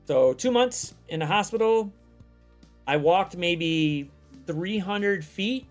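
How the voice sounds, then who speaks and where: A man's voice: high-pitched, expressive, slow pace, faint music behind. A man chatting casually as a guest, telling a long personal story in a rambling, profane way and acting out what people said. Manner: profane, rambling storytelling full of acted-out quotes. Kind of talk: casual chat.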